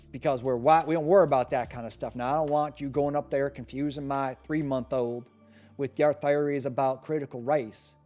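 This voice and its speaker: A man voicing an indignant white Southern parent in a put-on Southern accent, ranting loudly. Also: on the high side, natural voice. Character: blustering white Southern parent, male, middle-aged.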